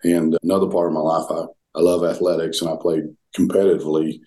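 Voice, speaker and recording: Deep-voiced older Southern man. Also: little pitch movement, dark tone. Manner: earnest, halting with frequent restarts. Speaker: guest, former pastor. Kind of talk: podcast interview storytelling.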